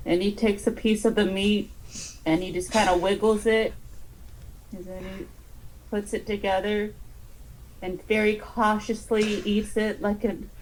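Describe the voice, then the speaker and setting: A woman's voice: mid-range voice, level tone, unhurried, long pauses, poor audio. A woman playing a tabletop game, joking and rambling playfully as she describes her character's actions. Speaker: player. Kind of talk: tabletop role-play.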